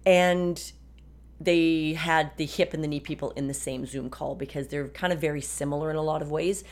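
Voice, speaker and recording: A woman's voice: low voice, steady tone, normal speed. Chatty, frank woman in her fifties. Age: 50s. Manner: frank and chatty, with wry sarcasm. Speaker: podcast host. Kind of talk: casual personal monologue. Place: home office, at a desk.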